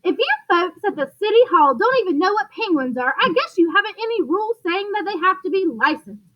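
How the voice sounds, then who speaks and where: A woman's voice: extremely high pitch, expressive, fairly quick, dull audio, pitched above the performer's own voice. Woman voicing an exasperated penguin owner. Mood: insistent. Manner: insistent, increasingly outraged. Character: exasperated middle-aged man with a pet penguin.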